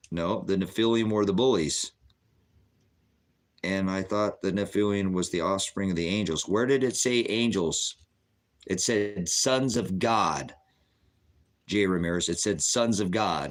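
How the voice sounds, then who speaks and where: A man's voice: low voice, moderate pace. A middle-aged man preaching bluntly on a livestream, answering viewers' chat questions in a combative, sermonizing way.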